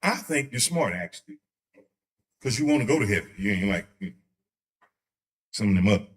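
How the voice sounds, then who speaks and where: A man teaching a church Bible study in a casual, joking way, slipping into quick voices to make his points. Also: on the low side, animated. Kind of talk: conversational sermon. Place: church sanctuary.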